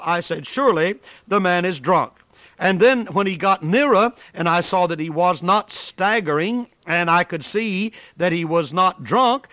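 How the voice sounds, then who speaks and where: A man's voice: sits high, bright, forceful tone, no echo. A man preaching a sermon, telling a story in an earnest, emphatic way.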